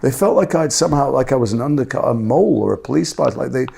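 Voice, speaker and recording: A man telling candid stories about his acting work in a fast, animated, self-interrupting way. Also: mid-range voice, creaky, husky. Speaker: actor guest. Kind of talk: candid conversational storytelling.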